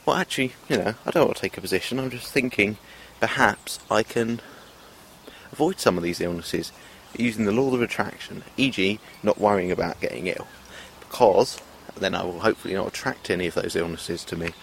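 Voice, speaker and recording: A vlogger with a fairly low, gravelly voice rambles briskly through a self-filmed monologue, often hesitating and restarting. A faint hiss of background noise runs beneath him.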